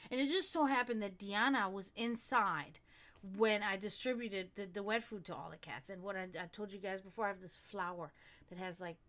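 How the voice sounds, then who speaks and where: A woman's voice: medium pitch, a little fast, fairly bright tone. A woman hosting a livestream, chatting casually and rambling, swearing often and laughing a lot. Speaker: stream host.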